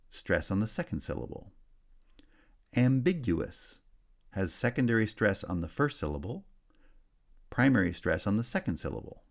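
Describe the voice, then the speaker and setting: A man teaching a linguistics lesson, explaining clearly and checking in with "right?". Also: sits low. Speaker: linguistics instructor. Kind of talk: recorded lecture.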